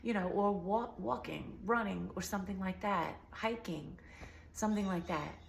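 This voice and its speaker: A woman's voice: medium pitch, moderate pace, gravelly, reverberant, slight background noise. A woman vlogger in a casual, earnest talk to camera, rambling with many fillers, her voice slightly sore. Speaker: healing vlogger.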